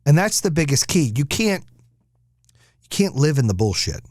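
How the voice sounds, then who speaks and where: A man's voice: on the high side, sing-song, moderate pace, darkish tone, dry recording, studio quality. A man hosting a podcast, giving a blunt, profane, fired-up motivational monologue. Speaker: podcast host.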